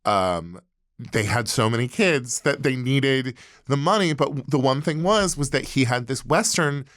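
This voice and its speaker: Pria tamu podcast yang santai dan jenaka. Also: male voice, mid-range voice, lively intonation, fairly bright tone, no echo, clean studio sound. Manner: chatty, wry, halting restarts. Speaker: podcast guest, comedy writer. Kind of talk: casual chat.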